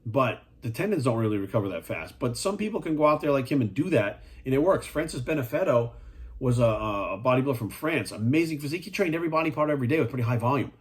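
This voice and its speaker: A man's voice: medium pitch, animated, fast talker, husky. A man talking as a fitness coach in a casual monologue, blunt and profane, firing rhetorical questions at the viewer.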